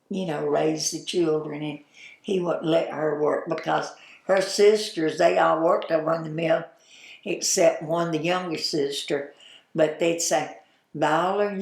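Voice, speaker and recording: The older Southern woman being interviewed, once a store owner, has a low, gravelly voice, and the room is echoey. She chats in a folksy way for the oral history, laughing while telling her stories.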